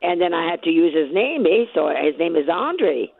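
Raspy woman on a tinny phone line. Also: on the low side, moderate pace, dry recording. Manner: excited storyteller, acts out both sides of each exchange. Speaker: caller, lottery winner. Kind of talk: phone-in radio interview. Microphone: telephone.

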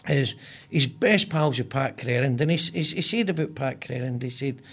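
A man's voice: medium pitch, moderate pace. An older man with a Scottish accent, a comedian guest telling stories in casual chat with many stammered restarts. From Scotland. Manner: animated storyteller with stammered restarts.

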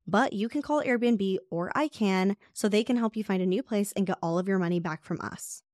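A woman reading the lines of a calm, patient male rental host who explains things evenly. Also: medium pitch, normal speed, no echo, clean studio sound, natural voice.

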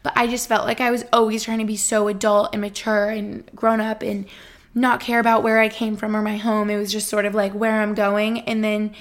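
A woman's voice: medium pitch, flat delivery, a little fast. A young woman in her twenties hosting a casual solo podcast, chatty and bubbly with lots of fillers. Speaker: podcast host.

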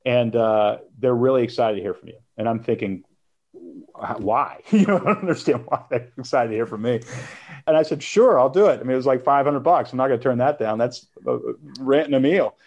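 A middle-aged man, an author and interview guest, telling a personal story in an animated way and laughing as he goes. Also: mid-range voice, a little fast.

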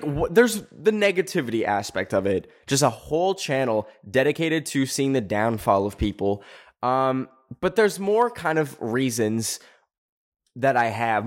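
A young male podcast host in a loose, profane rant. He talks sarcastically at a middling pitch, and it jumps sharply higher whenever he gets worked up. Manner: animated, profane, sarcastic, pitch leaping up on emphasis. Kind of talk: casual ranting commentary.

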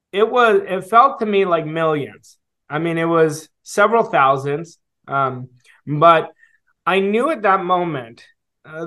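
A man in his forties, a coaching guest, telling his story in an earnest, reflective way with fillers and pauses. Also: on the high side, sharp tone. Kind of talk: storytelling interview answer.

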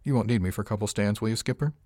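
A man's voice: lowish voice, racing, dark tone, no room sound, clean studio sound, natural voice. A man voicing an irreverent young woman crew member who banters with her captain, in an audiobook. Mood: sleepy. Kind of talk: audiobook character reading.

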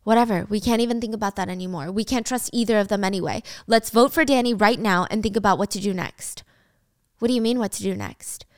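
A woman's voice: mid-range voice, fast, dry recording, clean studio sound, close to an everyday voice. A woman voicing a suspicious, hot-headed teenage boy who talks bluntly and urgently.

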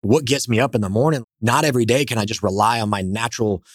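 A man, a company founder, telling energetic stories as a guest in a casual interview. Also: medium pitch, fast talker, no room sound, studio quality. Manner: animated, energetic storyteller.

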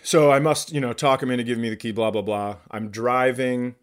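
A man's voice: medium pitch, fairly even intonation, brisk. A man, a comedian and podcast host, telling a story in casual chat with self-mocking humor.

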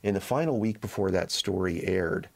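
A man, a print reporter and podcast guest, telling a story in relaxed conversational talk. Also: sits low, moderate pace, gravelly. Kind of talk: casual interview talk.

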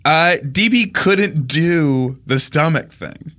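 A man co-hosting a comedy podcast, telling absurd made-up stories in a deadpan, straight-faced way. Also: a little high, slow pace. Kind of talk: deadpan improvised comedy chat.

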